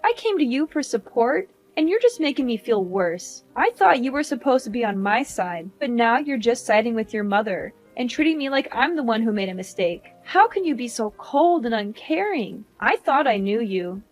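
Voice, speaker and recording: A young wife, voiced by a woman in an animated drama story, earnest and firm. Her voice sits a little high. She sounds reproachful and determined. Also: moderate pace, few pauses, soft background music. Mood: hurt. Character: hurt young wife standing up for herself.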